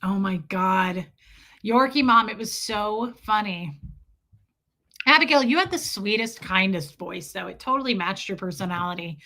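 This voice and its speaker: A woman's voice: medium pitch, moderate pace, bright, forceful tone. A woman chatting casually with viewers on a live stream, laughing often and greeting people by name.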